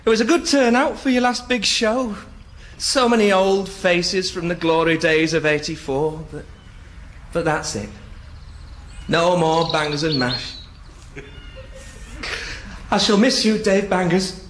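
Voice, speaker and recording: A broad comic, sentimental and a bit dim. His voice sits high and earnest. The recording carries a steady hiss of noise. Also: a little slow, long pauses. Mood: mournful. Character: grieving old-school male comedian, earnest and dim. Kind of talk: radio sketch comedy. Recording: noisy radio recording.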